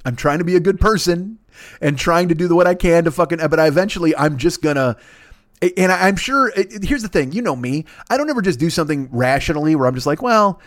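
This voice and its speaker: A man's voice: on the high side, expressive, quick pace, no room sound, clean studio sound. A man hosting a podcast, telling a rambling, profane, self-mocking story in casual chat, with bursts of laughter. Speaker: podcast host. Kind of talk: casual comedic monologue.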